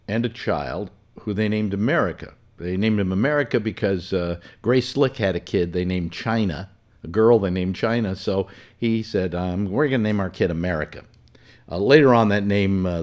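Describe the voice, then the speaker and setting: A man telling a personal story in casual, rambling fashion, full of fillers and self-corrections. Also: deep voice. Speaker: storyteller recalling personal memories.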